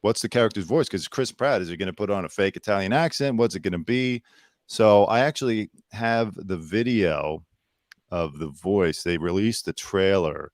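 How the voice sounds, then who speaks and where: A man's voice: low voice, moderate pace, no echo. A man co-hosting a casual comedic livestream chat, talking with a dry, sarcastic, teasing manner. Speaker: co-host. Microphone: headphones with desk mic.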